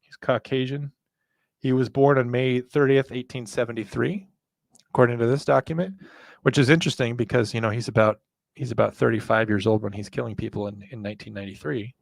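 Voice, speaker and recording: Male podcast host, gravelly, self-deprecating rambler, dry close recording. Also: mid-range voice, fairly even intonation, brisk, no room sound. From northern United States. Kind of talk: casual chat.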